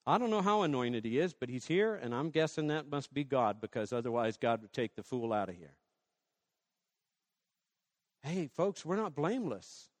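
Animated preacher with a long hall echo. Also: male voice, a little high. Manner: animated, swings from loud rallying questions to soft asides. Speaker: pastor. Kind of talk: sermon.

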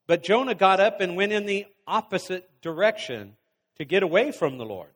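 A man with a high voice preaches, reading scripture aloud and breaking off to exhort the congregation. His voice rings with a long hall reverb. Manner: reads scripture then pauses to exhort the congregation.

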